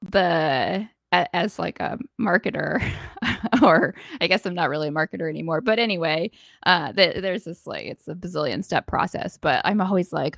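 A woman speaking as a guest in a casual conversation, relaxed and wry, with plenty of fillers. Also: lowish voice, moderate pace, creaky, dry recording, studio quality. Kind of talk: casual chat.

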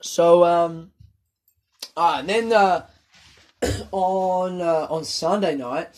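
A man's voice: high-pitched, very slow. A young man, a comedian, telling rambling, profane stories in a casual monologue. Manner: rambling, profane, animated storytelling.

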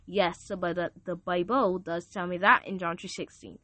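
A woman's voice: lowish voice, steady tone, normal speed, bright, forceful tone, no echo. A woman, hosting a podcast and speaking emotionally and devoutly to her listeners, repeating herself often. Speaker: podcast host. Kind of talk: casual thank-you message to listeners.

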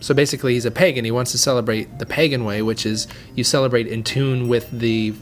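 Irreverent woman co-host, extremely deep voice, faint music bed. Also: fairly even intonation, fast talker. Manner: irreverent, joking, swears freely. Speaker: podcast co-host reading listener emails. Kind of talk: casual chat.

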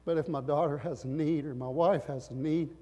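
A man preaching a sermon as pastor, impassioned, swinging from loud emphatic lines to quiet earnest ones. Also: on the high side, fairly even intonation, a little fast, slightly rough, long reverb tail.

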